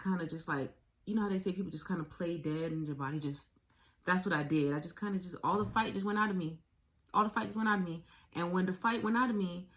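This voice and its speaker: A woman telling her own story to her viewers, speaking frankly with swearing, halting often and repeating her phrases. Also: lowish voice, fairly bright tone. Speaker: video blogger sharing a survivor story. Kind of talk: candid personal storytelling.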